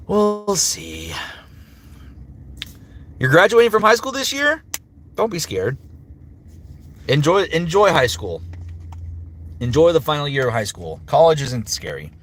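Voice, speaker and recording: A man's voice: fairly high pitch, big pitch swings, fairly bright tone, a little hiss or hum. A man who works as a voice actor, chatting casually on a livestream and answering viewer comments with upbeat energy. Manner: chatty and upbeat, with frequent fillers and quick impressions. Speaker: voice actor streamer.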